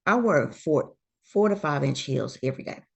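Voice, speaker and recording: In a casual interview, a Georgia, USA, woman narrates her own story at a moderate pace, her low-pitched voice carrying vocal fry. She is an animated storyteller who performs the voices of the people involved.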